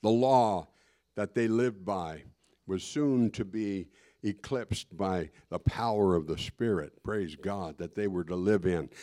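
A male pastor preaching a fervent sermon. He keeps breaking in with "praise God" and swings from raised, emphatic lines to soft, low asides.

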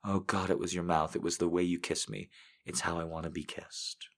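A man's voice: low-pitched, little pitch movement, fairly quick. A man voicing a defiant young woman. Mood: breathless. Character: defiant, sharp-tongued young woman lover.

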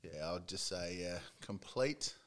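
A man's voice: deep voice, expressive, unhurried, a bit bright. A man hosting a podcast, chatting in a laddish, swearing banter and laughing often. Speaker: podcast host. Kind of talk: casual chat.

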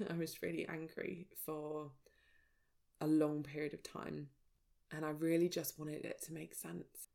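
Woman vlogger, low flat voice with gravel, candid personal storytelling to camera. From England. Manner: raw, reflective, searching. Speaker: spiritual vlogger.

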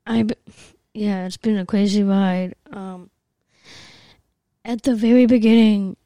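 A woman co-hosting a podcast in casual chat, hesitant with many pauses and ums. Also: medium pitch, mellow, no echo. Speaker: podcast co-host. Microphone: studio mic.

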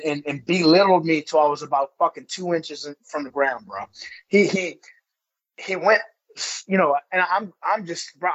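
A man's voice: a little high, a bit bright. A man in his forties, a former pro wrestler, casually telling a story as a guest, swearing and saying "bro" a lot. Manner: profane, rambling, says "bro" a lot. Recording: dull lo-fi audio.

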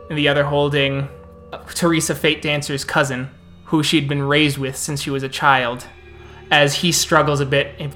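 A man's voice: on the high side, sharp tone. A man serving as storyteller, narrating a tabletop role-playing game in a flowing, descriptive way.

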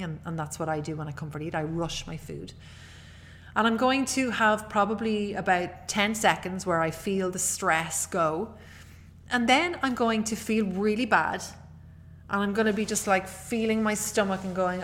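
A young woman hosts a podcast in a mid-range, slightly bright voice at a moderate pace. Her talk is a casual motivational monologue in which she acts out her own inner voice with self-deprecating humor.

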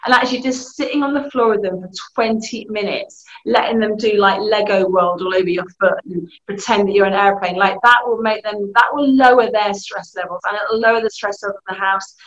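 A woman with a British accent, giving lively, animated advice as a guest in a conversation, often laughing. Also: medium pitch, a little fast, few pauses. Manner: animated, laughing, acting out family voices. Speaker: youth work guest. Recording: muffled lo-fi audio.

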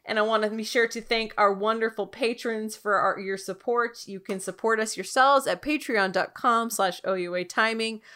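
A woman's voice: on the high side, normal speed, few pauses, bright, forceful tone, smooth. A woman co-hosting a podcast, chatting casually and reading the outro with a playful, laughing manner. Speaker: podcast co-host.

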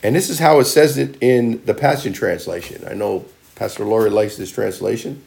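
A male pastor preaches a sermon, reading scripture and driving home his points with emphatic, punchy delivery that swings between loud and soft. His voice is lowish and creaky, at a normal speed.

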